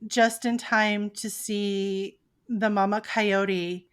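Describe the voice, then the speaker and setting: A woman's voice: mid-range voice, flat delivery, drawn-out words, clean tone. A woman narrating a tabletop game as game master, telling the scene like a story and voicing the sound effects herself.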